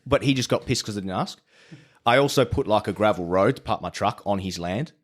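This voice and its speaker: A man's voice: fairly low pitch, a little fast. An Australian man telling his story as a podcast guest in a casual, laid-back way and swearing freely. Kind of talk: casual chat.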